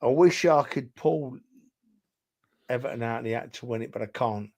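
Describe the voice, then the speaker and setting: This man co-hosts a relaxed football chat, a bit tipsy from drinking, with a medium-pitched, darkish voice at a normal speed. He rambles, speaks emphatically, and keeps calling the other host "son."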